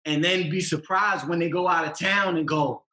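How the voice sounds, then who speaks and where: A man's voice: a little high, steady tone, moderate pace, bright, forceful tone, roomy sound. A young man, a rapper talking in a casual podcast interview, emphatic and slangy, hammering his points home. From Massachusetts. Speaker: rapper guest.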